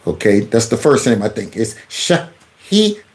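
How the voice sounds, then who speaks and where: On his own channel, a man reacts to news clips with lively, mocking commentary, answering back at the people on screen. His voice is on the low side and brisk.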